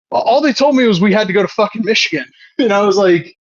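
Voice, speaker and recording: This podcast co-host, a man in his thirties, chats casually while rambling, cursing and laughing a lot. His high-pitched, expressive voice moves at a quick pace with hardly any pauses, and the recording is dry and dull.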